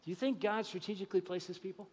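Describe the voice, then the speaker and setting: An animated male pastor with a fairly high voice preaches to his congregation, acting out little dialogues with God. The sound carries a long church-hall reverb. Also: quick pace, husky. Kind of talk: sermon. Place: church sanctuary.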